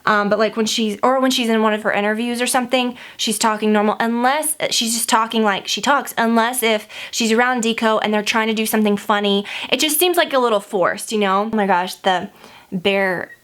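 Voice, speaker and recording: A woman's voice: on the high side, brisk, a bit bright. A woman, a beauty vlogger, gossiping in casual chat while she does her makeup, rambling and saying "like" a lot. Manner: chatty and rambling, heavy use of "like".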